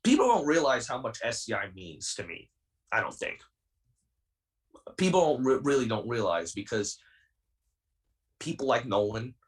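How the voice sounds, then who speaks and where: A twenty-year-old wrestler, a man with a lowish, slightly bright voice, speaks intensely and defiantly as a podcast guest, repeating himself to drive his point home. It's a heated interview, captured on a distant mic in low quality.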